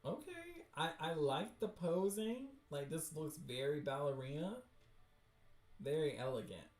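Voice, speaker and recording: Excitable man reacting to webcomics. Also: a little high, a little slow. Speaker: host. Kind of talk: livestream dramatic reading of webcomics. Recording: roomy echo.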